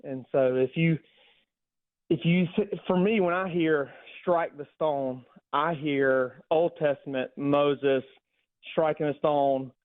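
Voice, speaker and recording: Male caller, earnest and rambling, slightly high voice, tinny phone line. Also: fairly even intonation, no room sound. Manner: earnest, a bit rambling, pauses often. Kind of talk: phone-in question.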